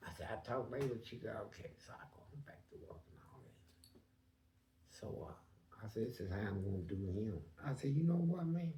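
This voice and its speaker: Gravelly man telling a story. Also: on the low side, moderate pace, echoey room, slight background noise. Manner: animated, acts out quoted voices, swings loud and quiet. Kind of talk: casual storytelling.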